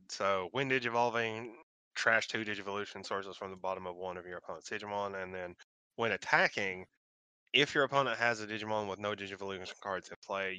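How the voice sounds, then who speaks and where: A man on a casual card game podcast, hesitant with fillers, reading card text quickly. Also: lowish voice, pushed and bright, clean tone, no echo.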